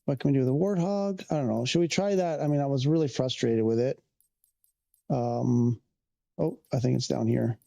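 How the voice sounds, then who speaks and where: A man's voice: mid-range voice, normal speed, vocal fry, warm tone. A man from Canada, chatting casually on a livestream, rambling and restarting as he answers viewers' questions. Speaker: streamer.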